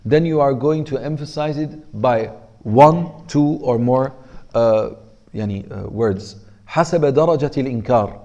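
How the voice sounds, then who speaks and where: A man teaching a class on Arabic rhetoric, explaining in English and reading Arabic passages aloud quickly, relaxed and joking with his students. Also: medium pitch, lo-fi sound.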